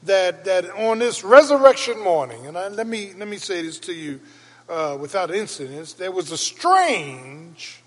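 Husky preaching man in echoing church. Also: high voice, lively intonation, normal speed. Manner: preaching with dramatic rises into shouts. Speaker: pastor. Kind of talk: Easter sermon. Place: church sanctuary. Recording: reverberant church hall.

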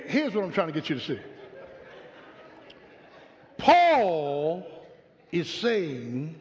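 An older man preaching a sermon as pastor, calling out to the congregation and building to shouts. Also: on the high side. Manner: call-and-response preaching, rising to shouts. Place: church sanctuary. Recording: muffled live audio in a hall.

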